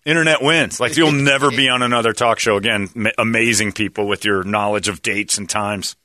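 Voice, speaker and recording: A man's voice: on the low side, a little fast, no echo, clean studio sound. A man hosting a talk show, telling a story in casual chat and animatedly acting out what others said. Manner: animated, acts out quotes of others.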